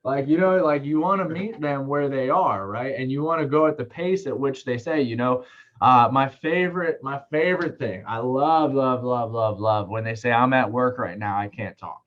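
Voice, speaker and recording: A man coaching salespeople in a casual, fast talk who keeps checking in with "right?". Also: medium pitch, lo-fi sound. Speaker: sales trainer.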